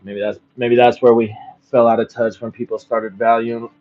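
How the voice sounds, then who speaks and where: A man's voice: mid-range voice, flat delivery, highs cut off, faint music behind. A man reading a bedtime story aloud, breaking off now and then to muse casually on it. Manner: reads slowly, breaks off into musing casual commentary.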